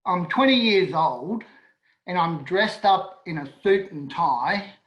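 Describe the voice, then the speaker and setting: A man telling a personal story to an audience in a lively, self-deprecating way, over an online event. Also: sits high. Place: home, indoors, online event. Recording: roomy echo on an online call.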